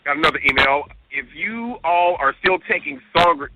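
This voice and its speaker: A man's voice: fairly high pitch, expressive, moderate pace, very noisy. A man co-hosting a talk radio show, reading out listener emails with exasperated, disbelieving outbursts. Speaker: radio co-host. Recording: tinny phone-line radio sound with music.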